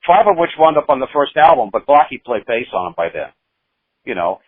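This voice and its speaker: A man's voice: medium pitch, very animated, a little fast, no room sound. Man in his sixties, phone-like dry sound. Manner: rambling anecdotes with frequent restarts and acted quotes. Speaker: interview guest, musician. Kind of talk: casual storytelling. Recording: tinny phone-like audio, dry.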